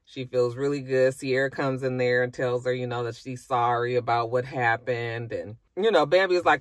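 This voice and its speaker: A woman casually recapping a reality show, chatty, profane and animated. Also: normal speed, no room sound. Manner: animated, profane, chatty, swings into high acted quotes.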